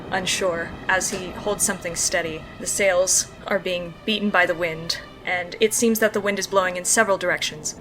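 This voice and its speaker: Game master, female, bright tone, steady descriptive narration. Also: lowish voice.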